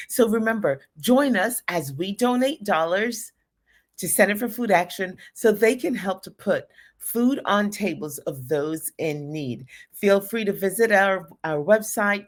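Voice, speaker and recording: A woman hosting a live show, reading sponsor thanks and upbeat calls to donate. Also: medium pitch. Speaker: host.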